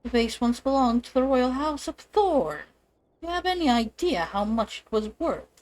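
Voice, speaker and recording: A woman's voice: fairly high pitch, a little mellow, voice pushed up, rough recording. A woman voicing a cold, haughty noblewoman collector, reading game dialogue live in an imperious, scornful way. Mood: scolding.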